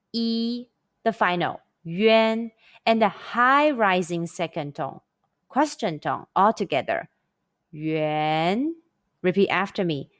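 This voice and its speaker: A woman teaching a scripted pronunciation lesson, speaking slowly and carefully with over-enunciated drills. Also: medium pitch, fairly bright tone, no room sound, studio quality. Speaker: language teacher.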